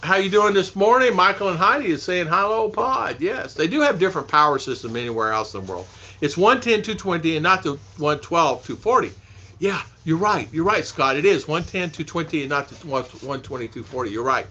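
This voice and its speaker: A man hosts a casual live stream, greeting viewers by name and laughing easily as he talks. His voice is bright and slightly high, with a lively, bouncing pitch. The sound is dull and lo-fi. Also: brisk. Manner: chatty, laughs often, reads viewer names aloud. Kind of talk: casual live stream chat reading comments. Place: home in the Philippines.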